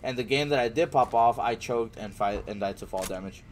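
Brisk and mid-range in voice, a man livestreaming a game casually reads out what viewers type in chat and replies in slang, repeatedly saying "bro" and "man". Slight background noise can be heard.

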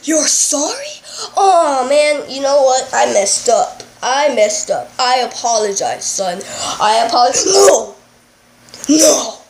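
A strict, ranting father scolds his son in a comedy sketch, played by a woman. The voice sits high and the scolding is slow and drawn out, broken by sudden shouts. The recording has a roomy echo. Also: animated, slight background noise. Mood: furious ranting.

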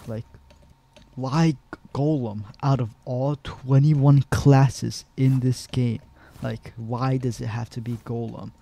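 A man's voice: medium pitch, steady tone, slow pace, vocal fry, dark tone. A young man giving a rambling, frustrated commentary over gameplay, full of fillers and restarts. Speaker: gaming video creator.

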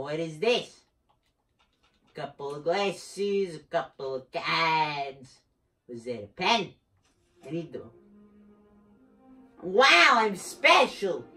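This is a gamer giving let's play commentary, talking along to themself and cracking jokes as they go. The delivery is slow yet full of leaps in pitch, with a bright, ringing tone. Now and then the excitement spills over into a shout. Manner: excitable, jokey, talks to himself while playing.

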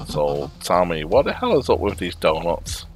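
A stubborn young fighter from a video game who demands answers, read out by a man in his own low voice. The reading is plain and unacted. Faint music sits under it. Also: wildly swooping pitch, normal speed. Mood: demanding.

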